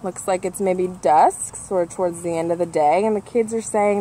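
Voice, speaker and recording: A woman reading a children's picture book aloud as a nature center educator, animated and imitating bird calls as she points out the pictures. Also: fairly low pitch, normal speed, few pauses, slight background noise.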